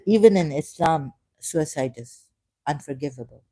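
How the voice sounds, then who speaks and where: This ex-Muslim speaker, a woman from Pakistan, rambles through her views with a low-pitched, mellow, warm and animated voice at a measured pace. She digresses, repeats phrases, and shifts between soft asides and raised, emphatic outbursts, captured close with no room sound.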